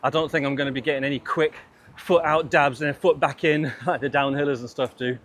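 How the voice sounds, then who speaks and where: A man's voice: a little high, steady tone, fairly quick, fairly bright tone. Chatty man talking on a bike trail. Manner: chatty, laughs often between remarks. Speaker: mountain bike vlogger. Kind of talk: casual chat while riding. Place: outdoors on a forest bike trail.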